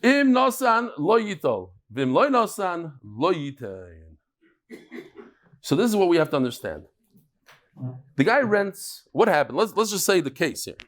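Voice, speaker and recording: A man leads a daily Talmud class in a fairly high, very lively voice that rises and falls freely. He breaks each case down with rhetorical questions and homely examples, and his delivery stays animated. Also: a little slow. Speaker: Talmud teacher.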